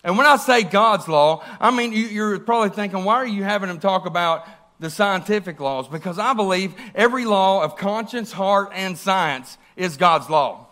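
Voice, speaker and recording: A man preaching a sermon in a church, animated and often asking the congregation questions. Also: sits high, normal speed.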